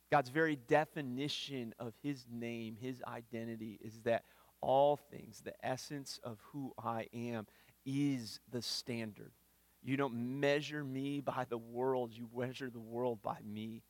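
A man's voice: mid-range voice, fairly even intonation, measured pace, no echo. Guy preaching, earnest, kinda stumbly on words, dry close sound. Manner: earnest, repeats words when starting phrases. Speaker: pastor. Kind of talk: sermon. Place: church.

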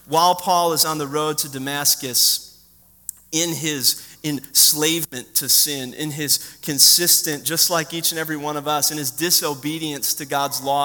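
A male pastor with a high, very bright voice, preaching to a congregation in a church. His storytelling is animated and he quizzes the children as he goes. A long hall reverb trails behind every word. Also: moderate pace. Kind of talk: sermon to a congregation. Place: church sanctuary.

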